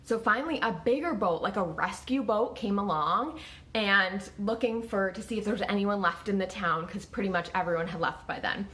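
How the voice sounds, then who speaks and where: A woman's voice: mid-range voice, moderate pace, a bit bright. A woman in her thirties telling her own story to camera in a casual, conversational way, with many fillers. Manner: conversational, lots of "like" and restarts.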